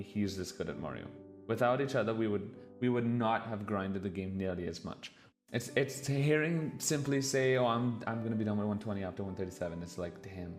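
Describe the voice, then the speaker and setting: A man streaming a reaction to a documentary, talking casually, swearing freely and getting openly emotional. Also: fairly low pitch. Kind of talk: casual live-stream commentary.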